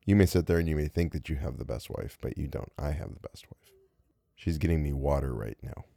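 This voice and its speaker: A man's voice: a bass voice, a little fast, creaky, warm tone, dry recording, studio quality. A man reading old ghost stories aloud, often breaking off to joke about his own slips and grumble. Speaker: storyteller.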